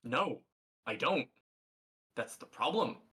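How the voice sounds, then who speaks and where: A man voicing a blinded, gagged captive who is weary and exasperated, speaking in a flat, tired way. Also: medium pitch, racing, voice pushed up.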